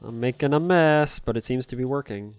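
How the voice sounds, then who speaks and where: A man's voice: mid-range voice, brisk, clear, resonant tone, no room sound. A man chatting casually to his live-stream viewers while cleaning a console, rambling and self-deprecating, laughing often.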